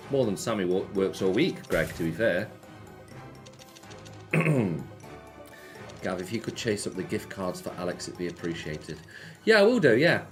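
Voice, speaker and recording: A man's voice: deep voice, lively intonation, unhurried, long pauses, faint music behind. A man hosting a casual live stream, chatting offhandedly and answering viewer messages. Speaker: slots streamer.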